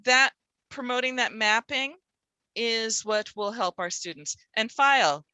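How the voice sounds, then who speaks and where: A woman giving a workshop for literacy teachers, sounding out words slowly as she demonstrates. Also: on the high side, pushed and bright, clean tone, no room sound. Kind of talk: workshop presentation.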